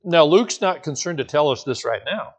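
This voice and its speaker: Animated man preaching with acted voices. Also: fairly high pitch, normal speed. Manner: animated, acts out the quoted voices, frequent restarts. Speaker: pastor. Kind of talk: sermon.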